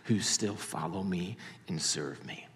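A man voicing a calm male divine voice that questions and reassures quietly. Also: low-pitched, measured pace, long reverb tail, pitched below the performer's own voice. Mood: gentle.

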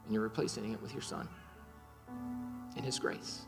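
A man's voice: on the low side, fairly even intonation, moderate pace, long reverb tail, music in the background. A man preaching a sermon and leading a closing prayer, impassioned, with rising and falling emphasis and repeated words. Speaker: pastor.

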